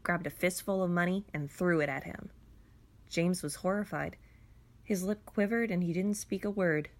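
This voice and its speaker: A woman reads a first-person story aloud in a somber, reflective manner. Her voice sits somewhat low. The reading is steady and measured. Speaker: narrator.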